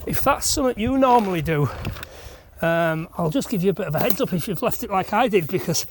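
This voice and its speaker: A man's voice: sits high, expressive, a little fast. A man, rambling and self-deprecating as he chats to camera while laying blocks on an outdoor building site. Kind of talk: casual vlog chat while working. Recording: noisy outdoor recording.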